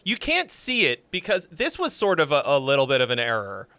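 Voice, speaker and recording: A man hosting a casual livestream, rambling and joking as he reviews songs, now and then shouting a greeting. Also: on the high side, huge pitch swings, fairly quick, clear, resonant tone, dry recording. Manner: rambling, jokey, with sudden loud shouts.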